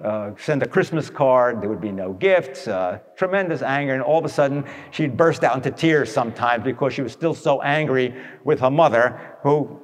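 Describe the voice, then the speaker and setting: A man's voice: mid-range voice, normal speed. Blunt man telling stories in an echoey hall. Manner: animated, blunt, asks rhetorical questions. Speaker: speaker addressing an audience. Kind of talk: storytelling talk to an audience. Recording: long echoey hall reverb.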